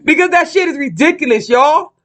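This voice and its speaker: A woman vlogger delivering a casual, ranting monologue. Her voice is bright and tense, and she talks in a blunt, profane, combative way. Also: sits high, animated, brisk.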